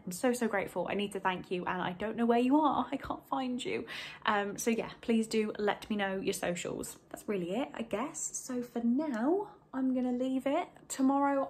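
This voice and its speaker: A woman's voice: on the high side, a little mellow, husky. A young woman talking casually to camera from home about books, in a rambling, apologetic way. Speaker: book vlogger. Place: home, indoors.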